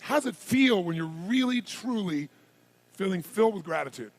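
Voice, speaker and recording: A man giving a live seminar address as a motivational speaker, firing rapid questions and commands at the audience. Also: sits high, lively intonation. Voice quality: gravelly, husky voice.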